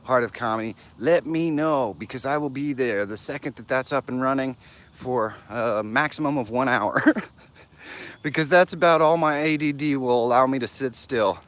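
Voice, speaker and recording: A man hosting a live stream, casually chatting and excitedly greeting viewers by name while walking outdoors, a little out of breath. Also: normal speed. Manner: enthusiastic, greets viewers by name, jumps in pitch. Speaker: livestream host.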